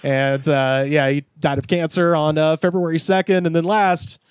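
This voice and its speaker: A man's voice: fairly high pitch, moderate pace, smooth, no room sound. A man co-hosting a podcast in casual chat, telling stories and acting out the quotes in them. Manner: animated storyteller, acts out quoted lines. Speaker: podcast co-host.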